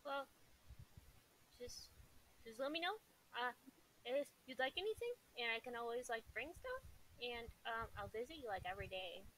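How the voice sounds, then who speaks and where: A woman playing a tabletop game, talking in a bright, sharp voice pitched a bit high. She rambles hesitantly with lots of fillers, sweet and earnest. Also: animated, moderate pace, pauses often, a little hiss or hum, rough recording. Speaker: player. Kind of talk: casual in-character tabletop play.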